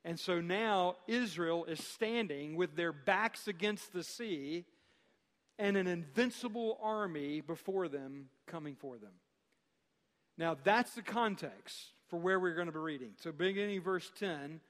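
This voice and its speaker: A man's voice: high-pitched, unhurried. Man, pastor, sermon, emphatic, rhetorical questions, long hall reverb.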